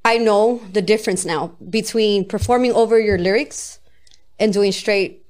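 A woman's voice: mid-range voice, moderate pace, darkish tone. A woman rapper in a casual interview, talking loosely and candidly, often checking "you get me?", swearing and laughing easily. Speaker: rapper guest.

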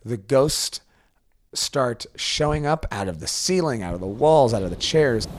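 A man co-hosting a podcast in casual chat, retelling scenes with animated energy and dropping into silly high voices. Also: a little slow, a little hiss or hum. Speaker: podcast co-host.

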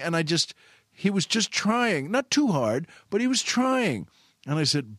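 A man spins a personal anecdote in a loose, rambling way, often stopping short and restarting his sentences. His voice sits a little high for a man. The recording is close and dry. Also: very animated, fairly bright tone, no room sound. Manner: repetitive, halting, self-correcting. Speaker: storyteller.

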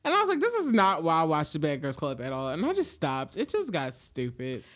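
Woman with a lively, bouncing voice. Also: low-pitched, fairly quick. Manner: lively, playful reactions, joins in the banter. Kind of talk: casual chat.

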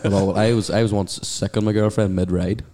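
A man's voice: lowish voice, steady tone, normal speed, mellow. A man telling crude comic stories as a podcast guest, swearing and laughing as he talks. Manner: swearing, laughing through his own stories. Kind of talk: crude comedic storytelling.

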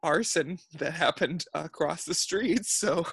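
Podcast co-host, male, fry in the voice, chatty storyteller. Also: a little high, slow pace, fairly bright tone, no echo. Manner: chatty storyteller, lots of fillers. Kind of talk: casual chat. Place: at his parents' house.

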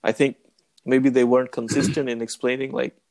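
A man's voice: medium pitch, level tone, a little fast, creaky, a little mellow. A man in a casual podcast chat, thinking aloud and asking questions about a film. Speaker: podcast co-host.

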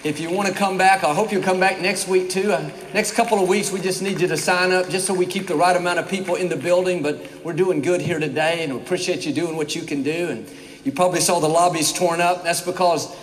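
Folksy pastor in a booming arena. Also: male voice, fairly even intonation, fairly quick. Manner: folksy, upbeat, rambling with restarts. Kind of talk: sermon in a large church. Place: church in a former basketball arena. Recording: echoey arena reverb.

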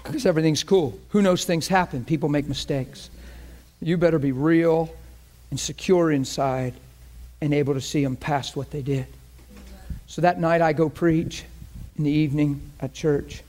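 A man preaching a personal testimony, swinging from hushed speech to loud, breaking, tearful cries. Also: fairly high pitch, steady tone, normal speed. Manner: earnest storytelling with quoted speech. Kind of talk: testimony sermon.

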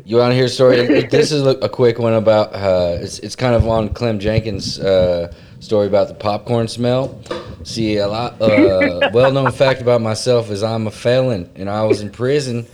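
A man's voice: fairly low pitch, normal speed, a little mellow, slight background noise. Blunt man telling a crude story. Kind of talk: casual storytelling.

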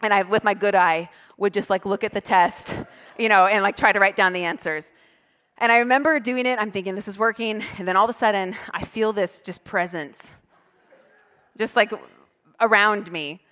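Woman pastor, mid-pitched, storytelling sermon, animated and self-mocking, long hall reverb. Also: normal speed. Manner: animated, self-deprecating, acts out her past self and others. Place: church stage.

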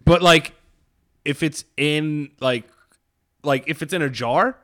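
A man co-hosting a podcast in relaxed, rambling banter, swearing casually. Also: on the high side, slow, dry recording, clean studio sound. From Italian-American family. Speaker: podcast co-host.

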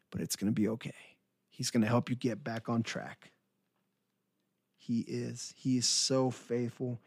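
Male minister, mid-pitched, earnest and encouraging devotional delivery, dry sound. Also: darkish tone, no echo. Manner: earnest, encouraging, repeats phrases for emphasis. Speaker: Christian minister. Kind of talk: devotional podcast talk.

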